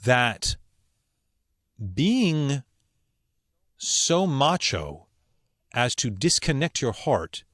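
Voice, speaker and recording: A man who works as a voice actor, telling personal stories as a podcast guest in an earnest, emphatic way with slow, weighty pauses. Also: mid-range voice, a bit bright, dry recording, studio quality. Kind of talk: reflective interview storytelling.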